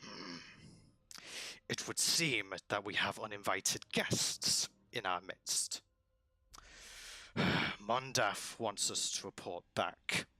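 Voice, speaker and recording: A man's voice: lowish voice, slow pace, long pauses, sharp tone, no room sound, exaggerated voice. A man voicing a large, hot-tempered male lizard leader in a tabletop game, bossy and barking orders. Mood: grumbling.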